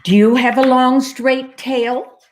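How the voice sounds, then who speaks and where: A woman voicing a bossy, easily irritated cat in a children's storytime, insistent and high-pitched. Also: animated, slow, a little hiss or hum. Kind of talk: children's storytime read-aloud.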